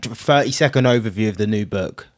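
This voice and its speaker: A man's voice: fairly low pitch, fairly quick. A man hosting a podcast, asking the guest brief, prompting questions. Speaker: podcast host. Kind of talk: interview questions.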